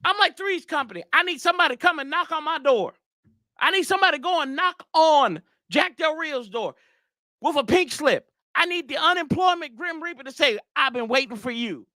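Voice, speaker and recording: A man's voice: extremely high pitch, animated, fairly quick, pushed and bright, no echo, clean studio sound. A man hosting a casual sports show, ranting in a rambling, exasperated way with slangy asides to his viewers. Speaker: sports podcast host.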